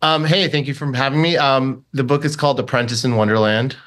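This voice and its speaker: A man being interviewed as a guest author, speaking in a measured way with frequent ums. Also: mid-range voice, steady tone, a bit bright.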